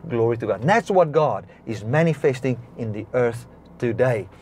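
A man preaching a sermon, stopping now and then to correct himself and clear his throat. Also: medium pitch, animated, moderate pace, a little hiss or hum. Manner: preaching with swings between soft and raised passages. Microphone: device recording a broadcast, battery powered.

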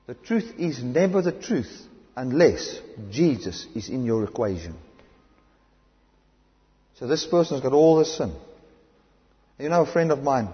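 Male South African preacher, fervent sermon, muffled lo-fi sound, echoing hall. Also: mid-range voice. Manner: impassioned, swings between loud emphatic and hushed delivery. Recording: dull lo-fi recording in a reverberant hall.

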